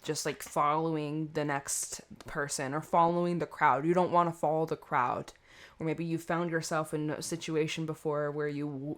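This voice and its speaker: A woman giving a casual tarot reading to camera, chatty and rambling, often laughing at herself. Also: lowish voice. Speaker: tarot reader.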